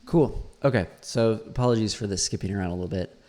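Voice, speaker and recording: A man's voice: on the low side, fast, darkish tone. A man, an English teacher, critiquing a learner's pronunciation and repeating words aloud to model them.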